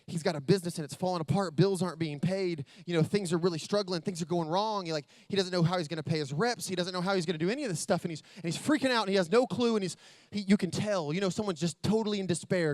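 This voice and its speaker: Male keynote speaker, high-pitched and excitable, dry close mic, storytelling that ramps up to big energy. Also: quick pace, hardly any pauses, no room sound. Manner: builds to loud excited storytelling. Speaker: motivational speaker. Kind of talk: motivational keynote speech. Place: convention stage.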